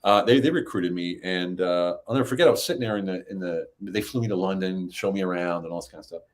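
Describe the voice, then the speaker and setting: A middle-aged man telling stories as a podcast guest, animated and climbing high in pitch when he acts out what people said. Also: quick pace. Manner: animated, rises high when acting out quotes. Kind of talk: casual storytelling.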